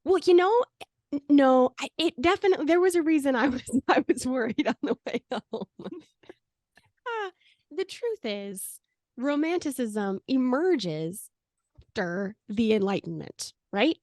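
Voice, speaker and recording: A woman co-hosts a podcast, chatting casually, telling stories in a conversational way and laughing often; she studied English. Her voice is high-pitched, expressive and darkish in tone, at a normal speed. The studio-quality recording has no echo.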